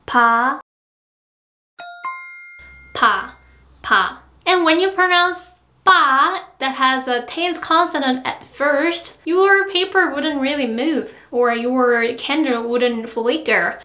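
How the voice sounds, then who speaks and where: A bright, high-voiced young woman teaches pronunciation with a cheerful tone and repeats each syllable slowly. Her lesson sounds a little echoey, with faint music underneath. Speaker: Korean language teacher. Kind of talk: friendly online language lesson.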